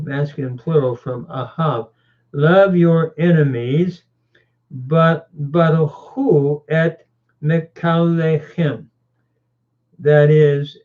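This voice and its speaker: A man lectures on grammar in a slightly raised voice, moving very slowly and deliberately. He halts often with fillers between phrases. The sound is thin and tinny, like a phone line. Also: on the high side. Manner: deliberate, halting, with many "uh" fillers. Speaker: teacher of biblical languages.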